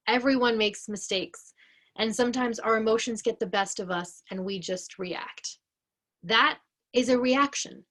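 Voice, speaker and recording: A woman educator giving an explanatory lesson in a slow, deliberate, clearly paced way. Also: on the high side, fairly bright tone.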